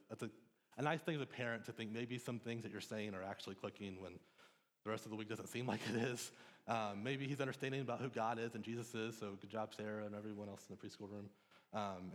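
Earnest man preaching in a reverberant hall. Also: on the low side. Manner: conversational, earnest, with frequent restarts and ums. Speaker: pastor. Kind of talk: sermon. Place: church sanctuary. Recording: long reverb of a church hall.

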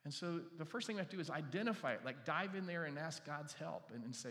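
A man preaching in a relaxed, talky way, forever turning questions back on his listeners. His voice sits a little higher than most men's. A long reverb trails behind him as he speaks. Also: fast, hardly any pauses. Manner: conversational, asks the audience many questions. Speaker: pastor. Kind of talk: sermon.

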